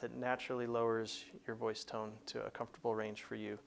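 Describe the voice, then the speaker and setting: Gravelly-voiced man teaching casually. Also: on the low side, flat delivery, fairly quick. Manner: explains plainly with frequent restarts. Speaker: career coach host. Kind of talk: conversational teaching.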